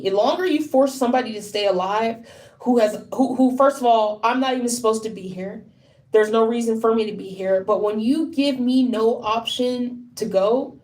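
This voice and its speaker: Distressed woman, blunt and halting. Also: on the high side. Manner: blunt and profane, halting with repeated words. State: deeply distressed. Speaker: vlogger. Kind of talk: unscripted direct-to-camera monologue.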